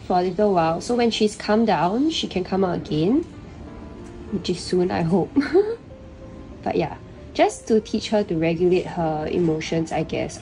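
A woman's voice: on the low side, dark tone, rough recording. A young woman, chatting casually in a vlog and explaining things with lots of "like" fillers. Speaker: vlogger.

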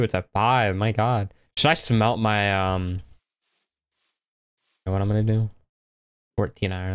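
A man's voice: fairly low pitch, clear, resonant tone, no room sound. Laid-back young man narrating gameplay. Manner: laid-back, rambling, talks to himself while playing. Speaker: gaming YouTuber. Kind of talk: casual Minecraft let's play commentary.

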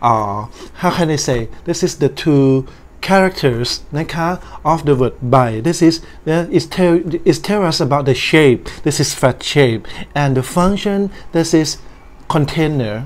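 A woman with a Thai accent, a native Thai speaker, teaching a recorded language lesson in English, explaining slowly and carefully and adding Thai polite particles. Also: low-pitched.

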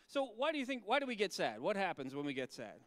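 A male pastor talking gently with children and asking them questions, then reading scripture slowly and solemnly. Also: sits high, wildly swooping pitch, dry recording.

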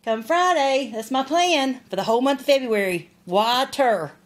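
A woman's voice: high-pitched, animated, moderate pace. A woman chatting casually in a haul vlog, folksy and rambling as she shows off what she bought. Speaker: vlogger.

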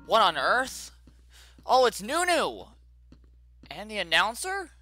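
Man, horror game commentary, slow nervous talk, bright tone, faint music behind. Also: high-pitched, wildly swooping pitch. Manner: jittery, keeps saying he is scared, bursts into loud yelps. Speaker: gaming channel host.

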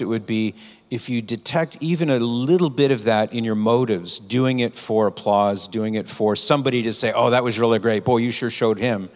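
A man's voice: mid-range voice, long reverb tail. A man giving a conference talk, telling stories and offering earnest advice to the audience. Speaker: conference speaker. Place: conference hall.

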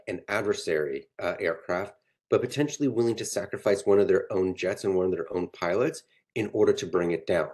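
A man hosting a panel discussion, thinking aloud in a measured way with fillers. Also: lowish voice, mellow, slightly rough.

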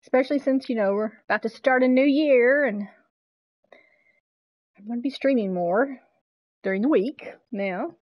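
A woman streaming a game live, chatting casually with viewers, excitable and swearing freely. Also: on the high side, normal speed, long pauses, no room sound, muffled recording.

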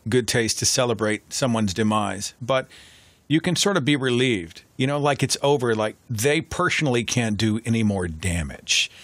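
A man's voice: mid-range voice, expressive, moderate pace, fairly bright tone, no room sound. Podcast host, male, sardonic chat, dry studio mic.

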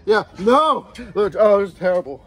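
A man's voice: sits high, lively intonation, moderate pace, a bit bright, dry recording. A man vlogging a spicy food challenge, his mouth burning, nauseous and groaning as he complains. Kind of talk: casual reaction video.

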